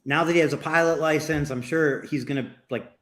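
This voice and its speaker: A man hosting a casual interview, supportive and quick with affirming interjections. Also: a little high, fairly even intonation, fairly bright tone. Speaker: podcast host. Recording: roomy echo.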